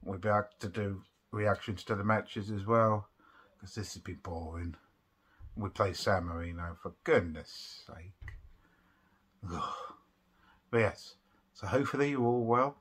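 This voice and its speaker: A man's voice: lowish voice, measured pace, a bit bright, husky. A young man giving a casual, rambling review of a TV episode. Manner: rambling, with restarts and fillers.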